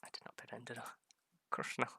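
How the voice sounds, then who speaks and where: A man's voice: brisk, bright, forceful tone, dry recording. A man giving rambling, casual commentary over a video game, laughing often. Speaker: gaming video host.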